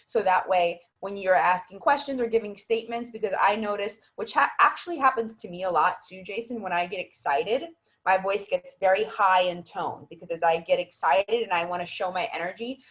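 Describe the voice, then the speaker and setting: A woman acting coach giving patient, encouraging feedback to students in an online class over a video call. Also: mid-range voice. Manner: encouraging, patient, explains at length. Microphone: video call microphone.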